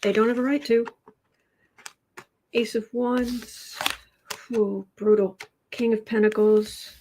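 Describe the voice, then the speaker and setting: A woman's voice: fairly high pitch, fairly even intonation, takes it slowly, mellow, a little hiss or hum. A woman hosting a tarot livestream, chatting casually and rambling with frequent restarts. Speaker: tarot reader host.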